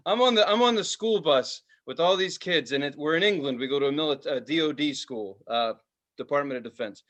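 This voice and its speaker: A man's voice: on the high side, fairly quick. A man in his forties, co-hosting a casual podcast chat, telling stories with lots of swearing and acted-out quotes. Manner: animated storyteller, swears freely, acts out quotes. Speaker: podcast co-host.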